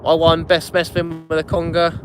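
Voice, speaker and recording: A man's voice: a little high, monotone, moderate pace. A man hosting a live fishing stream from a small inflatable boat at night, chatting and greeting viewers by name. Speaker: fishing channel host. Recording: wind noise on an open boat. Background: wind and water.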